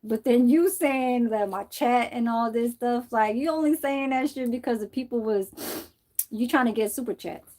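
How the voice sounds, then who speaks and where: A woman's voice: fairly high pitch, normal speed, mellow. A woman livestreamer chatting loosely while she dyes her hair, rambling and swearing, with frequent laughter. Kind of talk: casual chat while dyeing her hair.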